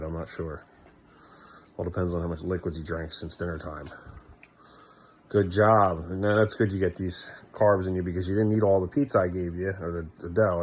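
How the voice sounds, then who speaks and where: A man's voice: low-pitched, slight background noise. A man, a father, talking casually to his kids at home, coaxing and praising them as he goes.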